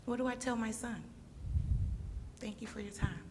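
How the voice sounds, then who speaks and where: A woman's voice: fairly high pitch, fairly even intonation, normal speed, darkish tone. A woman giving an emotional, pleading public comment at a city council podium microphone, repeating herself as she speaks.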